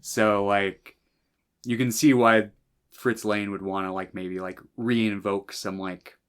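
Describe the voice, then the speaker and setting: Male podcast co-host, low-pitched, meandering and loose, swears casually. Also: steady tone, slow, clear, resonant tone. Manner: rambling, many fillers, casual swearing. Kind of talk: casual film discussion chat.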